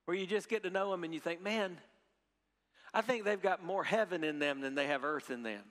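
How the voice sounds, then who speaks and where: Middle-aged male preacher, high tenor, animated storyteller, church reverb. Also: fairly quick. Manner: animated storytelling, swings from hushed to loud; repeats phrases, leads audience call-and-response. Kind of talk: sermon. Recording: long hall reverb.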